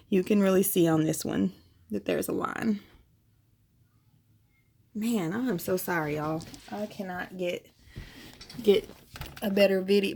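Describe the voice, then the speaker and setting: A woman's voice: lowish voice, creaky, darkish tone, a little hiss or hum. A young woman chatting frankly and casually to her viewers at home, with lots of fillers. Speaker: vlogger sharing pregnancy test results. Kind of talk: casual chat to camera. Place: home, indoors.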